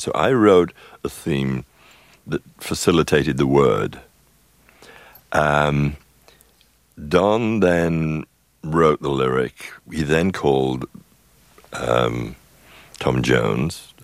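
A man's voice: extremely low pitch, slow, gravelly, pauses often, no echo. An older man, a film composer being interviewed on radio, recalls the past in a rambling, chuckling way, often stopping to restart his sentences. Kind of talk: radio interview, anecdotal storytelling.

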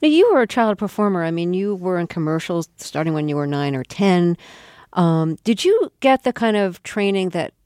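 A woman's voice: fairly low pitch, sing-song, moderate pace, darkish tone, dry recording, studio quality. A woman hosting a radio interview who asks curious, probing questions.

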